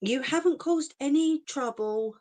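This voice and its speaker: A woman's voice: high voice, measured pace, darkish tone. Chatty woman, laughs often. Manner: chatty and reassuring, laughs often, says "do you know what I mean". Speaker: crafter chatting with live viewers. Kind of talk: casual live-stream chat.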